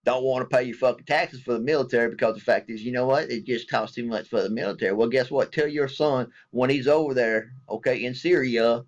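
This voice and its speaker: Veteran guy, mid-pitched, blunt and profane vlog rant. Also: brisk, few pauses, dull audio. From Southern United States. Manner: blunt, angry and heavily profane. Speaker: military veteran.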